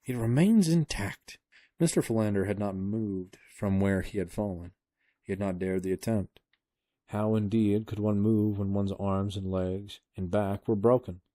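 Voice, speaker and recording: Deep mellow dad reading a story. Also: male voice, normal speed, no echo, studio quality. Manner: steady storytelling. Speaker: father reading to his kids. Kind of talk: reading a book aloud.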